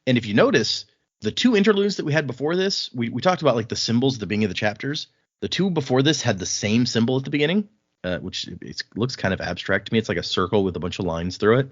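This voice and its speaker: A man co-hosting a casual book podcast, recapping the plot in a chatty way and acting out quick bits of dialogue. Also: mid-range voice, expressive, breathy edge, dry recording, muffled recording. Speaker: podcast co-host.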